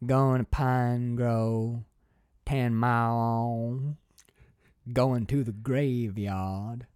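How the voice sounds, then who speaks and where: A man voicing a grim older rural woman in mourning, speaking slowly and flatly. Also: mid-range voice, smooth, no echo, studio quality, voice pushed down.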